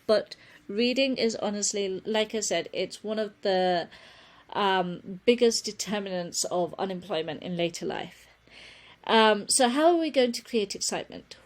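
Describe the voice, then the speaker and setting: A woman presenting a webinar on children's reading, speaking earnestly and often correcting herself with a quick apology. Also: medium pitch. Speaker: reading teacher giving a webinar.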